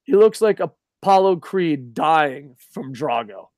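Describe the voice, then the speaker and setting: A man's voice: on the high side, animated, takes it slowly, a little mellow, no room sound, studio quality. A man co-hosting a casual wrestling talk show, ranting in a heated, profane way. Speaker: podcast co-host.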